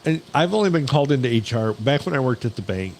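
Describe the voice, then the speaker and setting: A man's voice: mid-range voice, sing-song, fast talker, darkish tone, a little hiss or hum, poor audio. A male podcast co-host with a wry, dry humor in casual chat.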